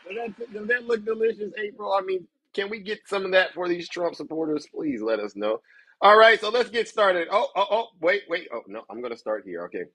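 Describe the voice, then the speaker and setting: With a high, sing-song, husky voice delivered fairly quickly and without echo, this man rants on his political commentary show. He plays the theatrical, mocking showman for his viewers and keeps saying "ladies and gentlemen."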